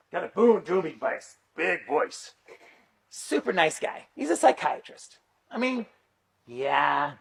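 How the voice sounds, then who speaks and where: Creaky and slightly rough, on the high side, the voice belongs to a middle-aged man presenting at a conference. He teaches as well, and he spins stories in an animated, chatty way stuffed with fillers.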